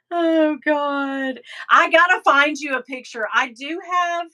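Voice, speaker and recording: A woman's voice: high voice, drawn-out words, pushed and bright. A middle-aged woman hosting a live stream, chatting casually, telling stories and reading out viewer comments. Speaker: livestream host.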